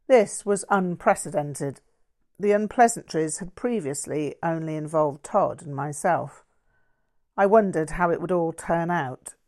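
A woman narrating a first-person memoir aloud in a dry, wry, measured way. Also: sits low, a little mellow. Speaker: audiobook reader.

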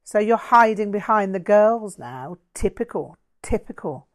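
A woman reading as a petulant young man who accuses and sneers in a raised, higher voice. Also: moderate pace, lightly acted. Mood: indignant. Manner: accusing, snappish.

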